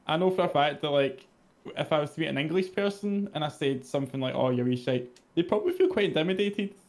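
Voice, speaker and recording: A man with a Scottish accent, chatting casually as a co-host, relaxed and quick to laugh, often trailing off mid-sentence. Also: a little high. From Scotland. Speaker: podcast co-host. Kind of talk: casual chat.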